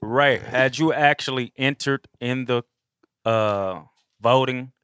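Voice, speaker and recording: A man on a casual studio podcast, asking slow, deliberate questions. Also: medium pitch, fairly bright tone, slight background noise. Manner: asks questions slowly and deliberately.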